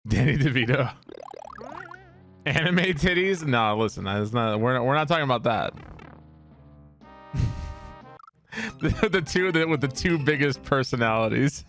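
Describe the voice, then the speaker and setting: A young man streaming a game, rambling and swearing, often laughing and breaking into loud outbursts at the game. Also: medium pitch, lively intonation, unhurried, pauses often, soft background music. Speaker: gaming streamer. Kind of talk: casual gameplay commentary with chat.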